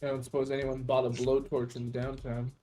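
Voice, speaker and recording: A man's voice: mid-range voice, monotone, fairly quick, loud music behind the voice. A man playing a tabletop game, hesitant and thinking aloud with restarts. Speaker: player. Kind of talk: casual tabletop play.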